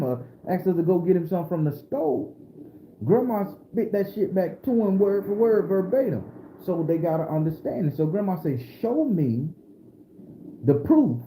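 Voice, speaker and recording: Animated man from southern Florida for a profane storytelling vlog, dark-toned voice, echoey room. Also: high-pitched, a little hiss or hum. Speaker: storyteller host. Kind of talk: casual storytelling.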